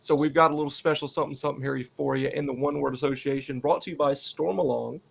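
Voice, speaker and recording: Gravelly-voiced man hosting a fan podcast. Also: medium pitch, fairly even intonation, fast talker, slight background noise. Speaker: podcast host. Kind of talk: casual chat.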